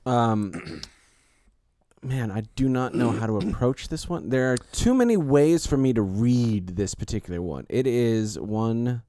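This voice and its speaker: A man's voice: medium pitch, animated, a little slow, dark tone, no echo. A man co-hosting a comedy podcast from a home garage, chatting casually and giving dry reactions. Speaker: podcast co-host.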